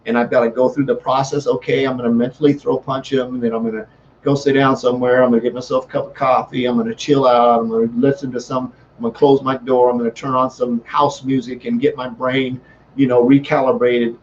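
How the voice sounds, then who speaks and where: A man's voice: mid-range voice, little pitch movement, a little fast, highs cut off, slight background noise. A man giving a motivational talk as a sales coach, fervent and repetitive, often restarting his sentences.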